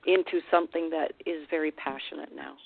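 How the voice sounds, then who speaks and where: Low-voiced woman on a tinny phone line. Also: fairly even intonation, vocal fry, no room sound. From Canada, Vancouver Island. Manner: emotional, halting, many restarts. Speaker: guest, Sasquatch researcher. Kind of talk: radio interview, telling a personal encounter. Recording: dry, phone-like radio call line.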